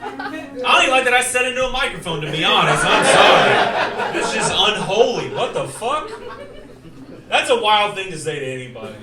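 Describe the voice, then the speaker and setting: A man performing a stand-up comedy set, animated, with loud acted outbursts. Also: high voice, normal speed, crowd noise. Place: comedy stage in a poker room. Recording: roomy live club sound from far off. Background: audience laughter.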